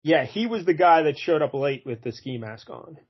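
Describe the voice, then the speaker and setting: A man co-hosting a casual podcast, recapping a comic's plot in a relaxed, wry way. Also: on the high side, moderate pace, dull audio. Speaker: podcast co-host. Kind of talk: casual comic review chat.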